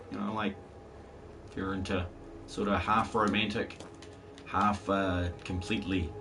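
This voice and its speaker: Rambling low-voiced man streaming a game. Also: fairly bright tone. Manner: rambling, chatty, talks to the chat and his game dog. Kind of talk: casual live-stream chat while gaming. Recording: distant mic with faint background noise.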